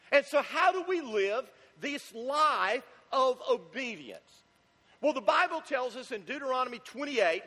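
A man's voice: very high-pitched, bright, forceful tone. A male pastor preaching a sermon in an emphatic, repetitive style, posing rhetorical questions to the congregation. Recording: long hall reverb.

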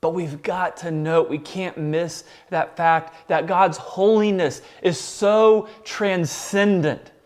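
High-voiced pastor preaching. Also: male voice, steady tone, slow, few pauses. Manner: earnest, explains with everyday examples and teasing asides. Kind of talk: sermon.

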